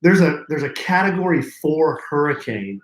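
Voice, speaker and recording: A man's voice: a little high, very animated, normal speed. A man co-hosting a radio show, chiming in with teasing, dry remarks in casual talk. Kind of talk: casual chat. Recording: echoey room.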